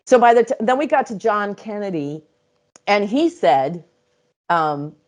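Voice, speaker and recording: A woman's voice: medium pitch, very animated, a little slow. A middle-aged woman speaking as an interview guest, telling her stories casually, laughing often and acting out quotes. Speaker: interview guest, psychic channel.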